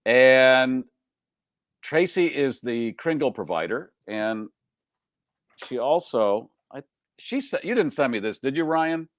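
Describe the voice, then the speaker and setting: Male show host, mid-pitched, wisecracking, reads listener names, dry close studio mic. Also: sing-song, takes it slowly, dry recording. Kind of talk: casual live show banter.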